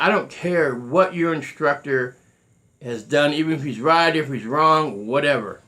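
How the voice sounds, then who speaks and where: A man's voice: fairly high pitch, unhurried, bright, forceful tone. A middle-aged man, a martial arts grandmaster, talking emphatically in a monologue, repeating words and acting out quotes. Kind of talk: monologue telling stories.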